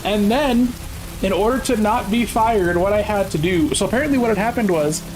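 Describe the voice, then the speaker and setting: On a rough recording, a streamer with a high-pitched voice tells a long, profane story about work while chatting casually with friends, delivering it in quick bursts.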